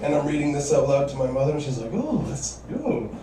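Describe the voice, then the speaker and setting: A man's voice: medium pitch, level tone, rapid-fire, warm tone, roomy sound, distant mic, a little hiss or hum, poor audio. A man performing a stand-up comedy set, telling wry stories and acting out quoted voices.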